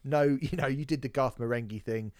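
A man co-hosting a casual music podcast, talking in animated, sweary bursts with many restarts. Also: mid-range voice, fairly quick, dry recording. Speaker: podcast co-host. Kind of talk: casual music review chat.

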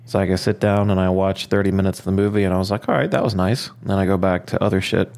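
Man in his twenties, podcast co-host, relaxed, joking, lowish voice. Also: rapid-fire. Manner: laid-back, joking, swears casually. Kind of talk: casual podcast chat.

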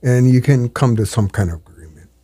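A man in his seventies, a storyteller, talking in an interview in an earnest, halting way with frequent restarts, in a studio. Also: medium pitch, animated, mellow, breathy edge, dry recording. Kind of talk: reflective interview talk.

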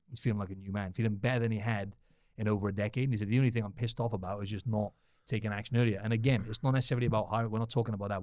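Male podcast host, fast matey chat, mid-pitched voice, dry close recording. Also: a little mellow, no room sound. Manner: chatty, matey, tells stories. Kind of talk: casual podcast conversation.

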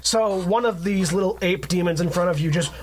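A man narrating a tabletop game as dungeon master, relaxed and chuckling. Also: high voice, a little fast, a little hiss or hum.

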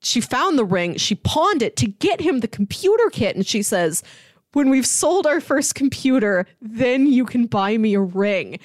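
A woman's voice: on the high side, sing-song, unhurried, no echo, studio quality. A woman co-hosting a podcast, casually recapping a drama episode and animatedly acting out the characters' lines. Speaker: podcast co-host. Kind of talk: casual chat recapping a TV show.

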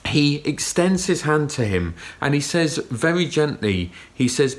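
A man preaching a sermon, telling a story calmly with gentle emphasis. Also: a little high, a little slow.

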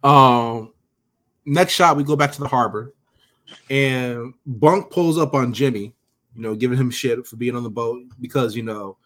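A man's voice: mid-range voice, measured pace, fairly bright tone. A man co-hosting a podcast, casually recapping scenes in a profane, joking way. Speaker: podcast co-host.

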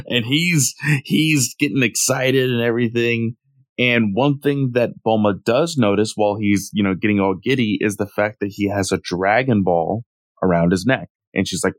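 A man's voice: on the low side, moderate pace, no echo. A man co-hosts a podcast in easy casual chat, retelling scenes and putting on voices for the characters. The recording is dry and close. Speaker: podcast co-host.

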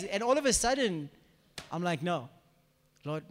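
A man's voice: sits high, very animated, measured pace, pauses often. A middle-aged male pastor, telling a personal testimony in a sermon and acting out the voices of the people in his story. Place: church hall before a congregation. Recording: echoey hall reverb.

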